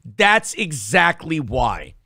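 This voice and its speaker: A man's voice: a little high, big pitch swings, takes it slowly, vocal fry, sharp tone, breathy edge, dry recording, studio quality. Blunt, profane male show host. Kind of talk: casual chat.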